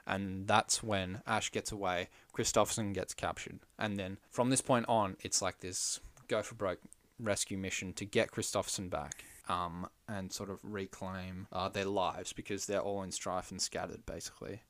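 A man with a fairly low voice recaps a movie plot for a podcast, chatting casually with a friend. He is animated, puts on voices for quotes, and teases his co-host. The sound is dry and close. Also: moderate pace, no echo. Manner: animated storyteller, acts out quotes, teasing. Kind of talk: casual movie review chat.

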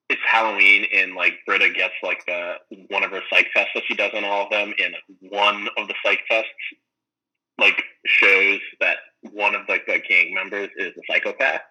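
A man chatting casually, rambling and animated as he retells funny scenes, full of "like" and "um". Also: sits low, low-quality recording. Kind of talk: casual chat about a sitcom.

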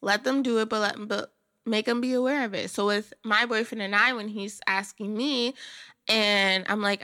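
A woman's voice: medium pitch, fairly even intonation, moderate pace, sharp tone, dry recording, studio quality. A woman hosting a casual solo podcast, talking frankly and chattily and swearing now and then. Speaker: podcast host.

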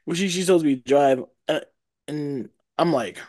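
A man's voice: a little high, normal speed, warm tone, no echo. A young man co-hosting a podcast, chatting casually in a laid-back way and laughing along with his friend. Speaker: podcast co-host. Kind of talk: casual chat.

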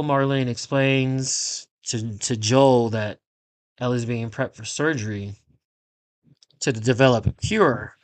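A man's voice: mid-range voice, no room sound. A man hosting a podcast on his own, recapping a show in casual, rambling, profane talk. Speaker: podcast host.

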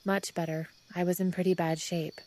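A woman's voice: on the low side, level tone, normal speed, a little mellow, slight background noise, natural voice. A woman voicing a weak but stubborn young heroine who pants out strained pleas, over background music. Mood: quiet. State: out of breath.

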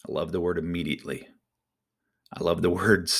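A man preaching a sermon as pastor, animated, stretching out key phrases for emphasis. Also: deep voice, a little fast, vocal fry, long pauses.

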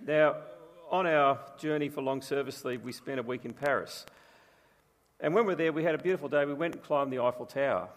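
A man's voice: mid-range voice, fairly quick. A man preaching a sermon as pastor, telling stories in a chatty, humorous way. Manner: chatty storytelling with humour. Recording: long reverb from a large room.

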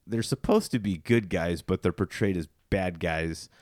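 A man hosting a podcast, recapping a movie in casual chat with friends, animated and quick to laugh. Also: sits low, dry recording, clean studio sound. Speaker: podcast host.

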